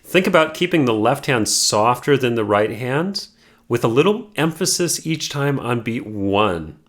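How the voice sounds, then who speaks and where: A man teaching a piano lesson, explaining patiently and sometimes singing a melody line softly and slowly. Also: mid-range voice, very animated. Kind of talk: piano tutorial.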